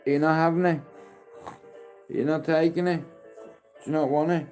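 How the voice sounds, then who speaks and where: A man in his fifties on a casual live stream, mixing coaxing sing-song baby talk and sudden loud calls with rambling, heartfelt chat. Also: a little high, fairly even intonation, unhurried, long pauses, faint music behind. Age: 50s.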